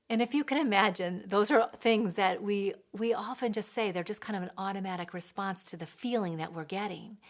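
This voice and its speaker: A woman parenting educator who explains clearly and gives examples from family life. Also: medium pitch, moderate pace, hardly any pauses. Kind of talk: explanatory teaching talk.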